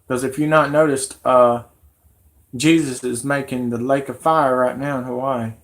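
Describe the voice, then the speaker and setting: A man's voice: mid-range voice, steady tone, moderate pace. Rambling, agitated man ranting on a stream. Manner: agitated, rambling, rising into shouty outbursts. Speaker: live-stream host. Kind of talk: rambling live-stream rant.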